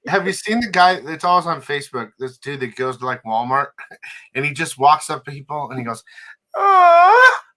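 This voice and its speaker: A male co-host with a bright, tense edge to his voice talks through casual podcast chat. He is slangy, laughs often and keeps throwing in dude. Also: mid-range voice, a little fast.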